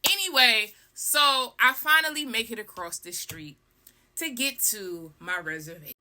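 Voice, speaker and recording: A young woman telling a storytime vlog, animated and dramatic, with frequent asides to her viewers. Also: on the high side, a little slow. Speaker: vlogger.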